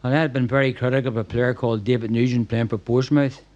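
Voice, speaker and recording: A man's voice: medium pitch, fairly even intonation, quick pace, a little mellow, muffled recording. An older man with a Northern Irish accent, telling rambling football stories to a packed room at a live podcast. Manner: rambling anecdotes with stumbles and laughs. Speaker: guest, former football manager. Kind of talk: storytelling at a live podcast event.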